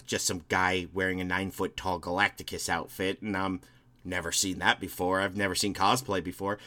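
A man co-hosting a casual podcast, telling a story in an animated way and swearing often. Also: mid-range voice. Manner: animated, swears a lot, tells stories. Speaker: podcast co-host.

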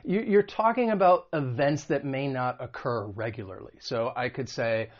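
Teaching English vocabulary online, the man from the United States slowly and carefully stresses example words. He speaks at medium pitch, and the recording is muffled.

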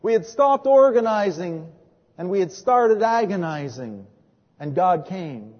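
Male preacher, earnest storyteller, high voice, muffled recording with a long church-hall reverb. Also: sing-song, a little slow. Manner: earnest storytelling, acts out quoted dialogue. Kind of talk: sermon.

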